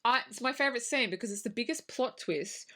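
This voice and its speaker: A woman's voice: a little high, quick pace, a bit bright. A woman co-hosting a podcast, chatting casually about a film, swearing and acting out her own reactions. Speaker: podcast co-host. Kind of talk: casual film review chat.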